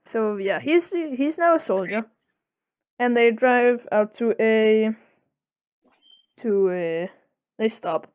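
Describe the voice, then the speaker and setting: A woman's voice: a little high, animated, takes it slowly, pauses often, darkish tone, clear, resonant tone. A woman podcast host retelling a comic in a casual, rambling way, with many fillers and self-corrections.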